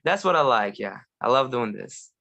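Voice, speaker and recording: An eager young man with an Egyptian accent talks in a casual guest chat. His voice sits at an everyday middle pitch, and he stumbles happily through fillers and restarts. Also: expressive, moderate pace, pushed and bright, muffled recording. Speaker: guest, language learner. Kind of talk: casual video call chat.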